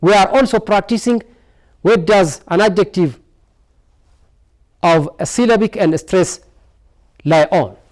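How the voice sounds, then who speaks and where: This televised English lesson features an Ethiopian man who drills words again and again while asking rhetorical "what?" questions. His voice is high, his pace measured, and he pauses often.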